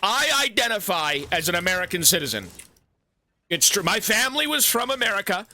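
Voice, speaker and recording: Loud proud American put on by a man, pitched way up, hollering with bright tense edge. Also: big pitch swings, brisk, exaggerated voice. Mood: boastful shouting. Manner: shouting, boastful, over-the-top patriotic.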